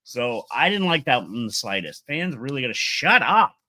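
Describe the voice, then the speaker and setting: A man's voice: medium pitch, sing-song, normal speed, bright, forceful tone, no room sound. A man casually recapping and ranting about a wrestling show, rambling with lots of fillers and strong opinions.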